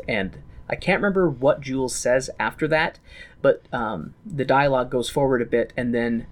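A man's voice: mid-range voice, moderate pace. A man co-hosting a casual podcast, rambling through a recap and acting out lines with laughs. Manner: rambling, loses his train of thought, acts out quotes with laughs. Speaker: podcast co-host.

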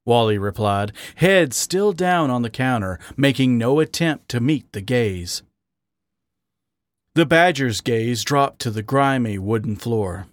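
A man reading a story aloud as the narrator, in a measured, even manner. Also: lowish voice, no echo. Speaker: story reader.

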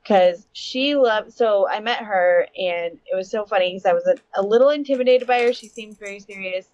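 A woman's voice: medium pitch, normal speed, a little mellow, poor audio. A young adult woman co-hosting a podcast, telling stories in a chatty way and laughing often. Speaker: podcast co-host. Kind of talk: casual podcast chat.

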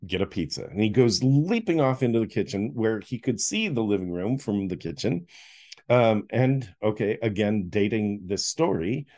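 A man's voice: on the low side, normal speed. A middle-aged man telling a personal story as a podcast guest, acting out the voices. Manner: animated storyteller who acts out voices. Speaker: guest, author.

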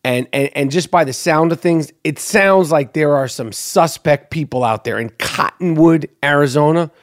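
Male host, slightly high-pitched, crude and sarcastic, ranting through weird news. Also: normal speed. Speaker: show host. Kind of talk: profane comedic news rant.

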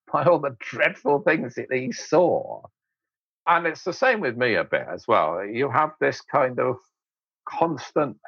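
A man, an interview guest, telling anecdotes in an animated way, laughing often and acting out voices. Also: mid-range voice, slightly rough, dry recording, dull audio. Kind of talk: anecdotal storytelling.

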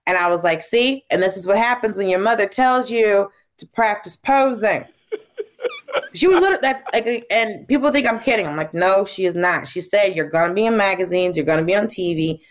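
A woman comedian talking casually as a guest and telling stories, acting out family members in quick, shifting voices. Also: medium pitch. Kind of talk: casual interview storytelling.

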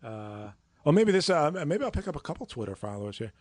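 A man's voice: a little high, big pitch swings, quick pace, a little mellow. A man chatting as a podcast guest, rambling and repeating himself, laughing easily. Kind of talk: casual chat.

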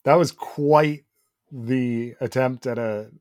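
A man co-hosting a podcast in casual chat, relaxed, laughing often and steering the topic. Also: mid-range voice, slow pace. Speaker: podcast co-host.

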